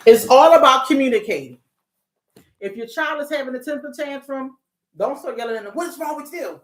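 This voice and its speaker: A woman's voice: sits high, a little fast. Middle-aged woman host, therapist, AAVE speech, conversational, restarts and rhetorical questions, roomy echoing sound. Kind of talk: casual talk on parenting and emotions. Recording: echoey room.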